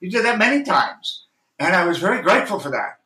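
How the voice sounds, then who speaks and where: A man's voice: high-pitched, very animated, brisk, bright, forceful tone, roomy sound, low-quality recording. A man talking about his acting work in an interview, intense and earnest, often restarting his sentences. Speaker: actor and audiobook narrator, guest. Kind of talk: reflective interview talk.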